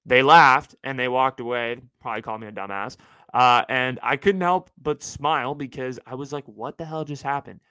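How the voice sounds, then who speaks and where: A man in his twenties from California, telling a story on his podcast in an animated, chatty way. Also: mid-range voice, normal speed, clear, resonant tone, no echo, rough recording. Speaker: podcast host.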